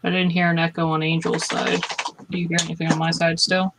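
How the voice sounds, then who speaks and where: A man's voice: on the high side, completely flat delivery, fast, a bit bright, a little hiss or hum, low-quality recording. A man on a video call, casually explaining audio settings during a tech check. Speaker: tech support on a livestream team. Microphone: webcam mic on a video call.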